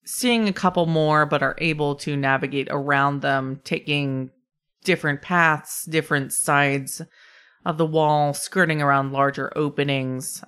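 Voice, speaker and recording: A woman narrating as game master in a tabletop game, describing scenes in a relaxed, rambling way. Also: deep voice, smooth.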